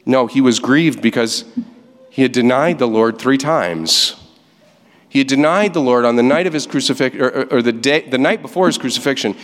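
A man preaching a sermon, reading scripture aloud and explaining it with lively emphasis. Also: mid-range voice, moderate pace, long reverb tail. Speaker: pastor. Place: church sanctuary.

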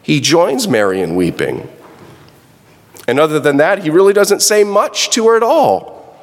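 Pastor preaching in a reverberant hall. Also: male voice, fairly high pitch, very animated, unhurried. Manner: conversational, with self-corrections. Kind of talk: sermon. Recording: long reverb.

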